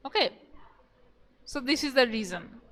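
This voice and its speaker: A woman teacher with an Indian English accent, slowly going over exam questions and repeating each one several times in an online class. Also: fairly high pitch, lively intonation, fairly bright tone, in a large hall.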